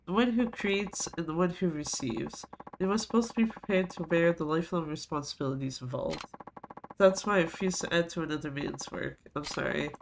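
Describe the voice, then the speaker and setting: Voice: medium pitch, lightly acted. Stern old tattoo master voiced plainly by a let's-play streamer, lecturing tone, faint hiss. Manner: grave, lecturing.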